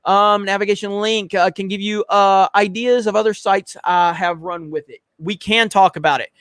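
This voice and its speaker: A man's voice: high voice, steady tone, moderate pace, a bit bright, no room sound. A man hosting a livestream, reading chat in a blunt, profane, joking way. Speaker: livestream host.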